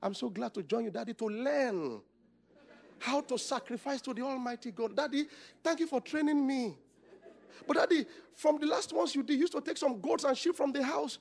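A man's voice: very high-pitched, normal speed, gravelly, heavily acted. A Nigerian man voicing an eager, devout teenage boy who earnestly questions his father. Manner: earnest, innocent, asking questions.

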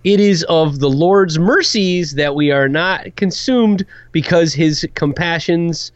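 A man's voice: on the high side, slow pace, no room sound, lo-fi sound. A man co-hosting a casual podcast, reading a news story aloud with sarcastic asides. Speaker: podcast co-host.

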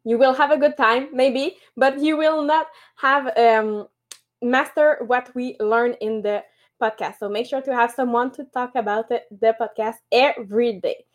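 A woman in her thirties with a high voice, whose French first language shows. She co-hosts a motivational podcast and explains things at a steady pace, with a few fillers. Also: unhurried. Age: 30s. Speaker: podcast co-host.

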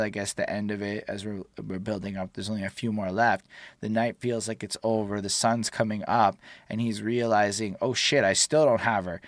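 A man's voice: on the low side, no room sound. A young man co-hosting a casual music review chat, rambling loosely with lots of filler words. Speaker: podcast co-host reviewing music.

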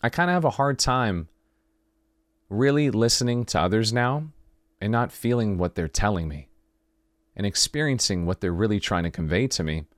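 A man's voice: lowish voice, moderate pace, no room sound, studio quality. A man hosting a podcast, talking through a reflective late-night monologue and acting out the conversations he describes. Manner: animated storyteller, acting out dialogue. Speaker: podcast host.

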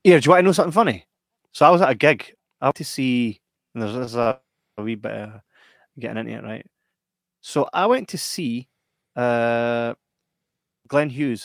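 A man's voice: mid-range voice, no echo. Man, Scottish accent, middle-aged, podcast co-host, casual chat, laughing storyteller, dry close mic.

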